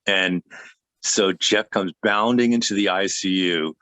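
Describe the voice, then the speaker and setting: A man with a low voice speaks earnestly, pausing and restarting as he recounts his own experience. The sound is dry and close, with no room around it. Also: pushed and bright, no echo. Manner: earnest, halting, with many restarts. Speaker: guest. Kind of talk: telling a personal faith story.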